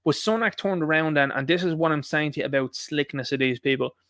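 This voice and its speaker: Fast-talking, indignant Irish man. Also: a little high, a bit bright, no room sound, studio quality. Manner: indignant ranting with rhetorical questions. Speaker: live stream host. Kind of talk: opinionated political monologue.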